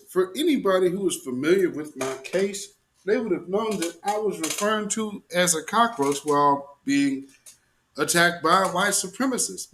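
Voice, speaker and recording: A man's voice: fairly high pitch, fairly bright tone, a little hiss or hum. A man hosting an online show, giving casual, emphatic commentary straight to his viewers. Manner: drawn-out, emphatic, talks to viewers. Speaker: host.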